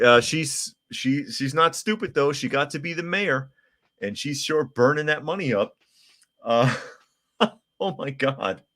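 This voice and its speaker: A man's voice: fairly low pitch, fairly bright tone. A man hosting a live news podcast, reading stories and chat comments aloud and adding mocking asides. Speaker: podcast host.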